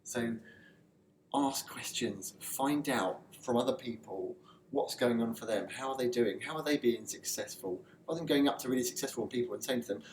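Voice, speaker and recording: A man's voice: mid-range voice, normal speed. A man who works as a personal development coach gives a loose, conversational motivational talk to camera, with frequent fillers and restarts. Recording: echoey room with faint ambient noise.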